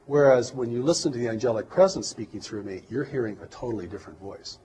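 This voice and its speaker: A man speaking as an interview guest, measured and reflective, often pausing and restarting his sentences. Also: mid-range voice, expressive, dark tone, a little hiss or hum. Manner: measured, hesitant, with many restarts and fillers. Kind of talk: earnest reflective interview talk.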